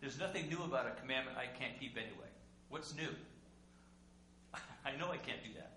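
A male pastor preaching a sermon conversationally, asking rhetorical questions and swinging between loud and quiet. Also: mid-range voice, expressive, fairly quick. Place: church sanctuary. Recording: echoey room with faint hum.

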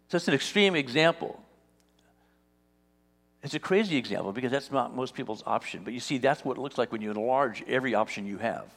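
A man's voice: mid-range voice, lively intonation, a little fast, fairly bright tone, in a large hall. A man preaching a sermon, telling stories with acted-out dialogue and rising in force as he reads scripture. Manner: storytelling, acts out dialogue, rises on scripture. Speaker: pastor.

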